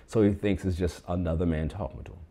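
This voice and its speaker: This pastor's deep, warm voice holds a steady tone even though he talks fast. Preaching his sermon, he reads scripture and calls on the online congregation to echo phrases back to him.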